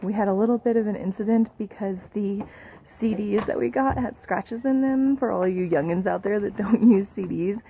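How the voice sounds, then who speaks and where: A woman's voice: medium pitch, moderate pace, mellow. Chatty woman vlogging on a noisy camera. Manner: chatty, bubbly, lots of "little" and "like". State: morning voice. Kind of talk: casual vacation vlog. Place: small vacation cabin, indoors.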